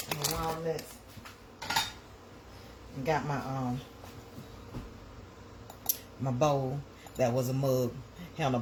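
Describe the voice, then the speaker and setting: A woman's voice: sits low, a little mellow. A woman with a Georgia Southern accent, chatting casually on a livestream from her kitchen, repeating her phrases and talking to viewers. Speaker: livestream host. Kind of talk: casual live chat while making breakfast. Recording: noisy home livestream audio.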